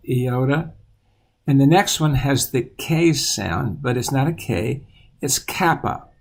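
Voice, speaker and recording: A man teaching children the alphabet, patiently repeating each letter aloud in a steady voice. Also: mid-range voice.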